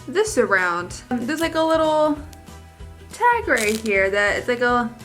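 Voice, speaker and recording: A young woman with a high, sweet voice talks at an easy, unhurried pace as she unboxes a gift for her dog. She chats casually from her couch and coos baby talk at the pet. Faint music plays under her voice. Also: very animated, fairly bright tone. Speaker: beauty vlogger. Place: living room couch.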